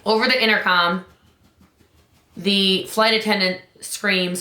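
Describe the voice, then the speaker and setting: A woman business coach giving an urgent motivational talk, her voice climbing high on key points. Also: measured pace, long pauses, bright, forceful tone, echoey room.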